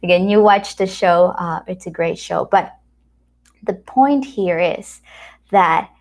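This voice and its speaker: A woman from America, giving a motivational talk full of personal anecdotes, acting out what people said and sometimes dropping to a soft whisper. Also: lowish voice, takes it slowly. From Latin America. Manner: animated storyteller acting out quoted dialogue. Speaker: speaker at a wellness retreat center.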